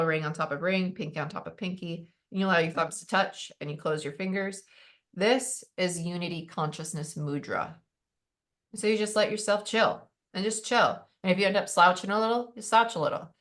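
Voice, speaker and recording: A woman's voice: fairly low pitch, a bit bright. A young adult woman teaching a spiritual group class on breathing and energy healing, talking casually and acting out little quoted inner voices. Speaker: tarot and Reiki teacher.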